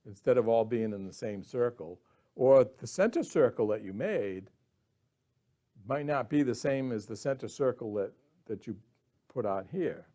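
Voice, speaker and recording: Explaining each step of a woodturning demo, a man talks in a folksy way, often restarting words while thinking out loud. His voice is warm and medium in pitch.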